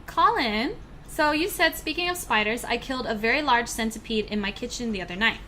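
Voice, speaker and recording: A woman's voice: fairly high pitch, fairly quick, pushed and bright, slight background noise. A woman co-hosting a casual livestream from a room at home, reading out viewer comments and chatting about them. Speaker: livestream co-host.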